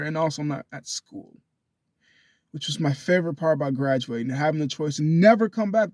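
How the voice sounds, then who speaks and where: A man's voice: a little high, creaky, dry recording. A young man rambling through a loose, profane self-recorded monologue into a phone. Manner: loose and profane, drifts between thoughts.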